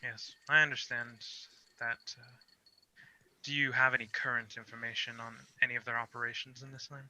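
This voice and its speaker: A man's voice: medium pitch, level tone, fairly quick, bright, forceful tone, lo-fi sound. A man voicing a curious, polite adventurer with a metal arm. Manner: polite and probing.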